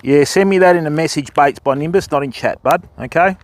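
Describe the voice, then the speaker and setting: Aussie bloke livestreaming his fishing, slightly high voice, matey chat, bit of faint noise. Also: a little fast. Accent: Australian. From Western Australia. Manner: matey, chatty, talks to viewers by name. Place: riverbank outdoors.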